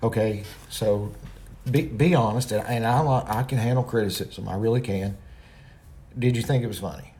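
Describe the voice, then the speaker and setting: Folksy Kentucky man with a low, mellow voice. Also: fairly even intonation, moderate pace. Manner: folksy, talks to viewers directly. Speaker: livestream host. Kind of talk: casual livestream chat.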